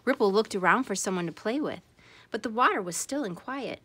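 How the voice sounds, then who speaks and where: A woman reads a children's picture book aloud with an expressive storytelling manner. Her voice is bright and clear, and her pitch moves in a lively way from line to line. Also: brisk. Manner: expressive, animated character voices. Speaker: storytime reader.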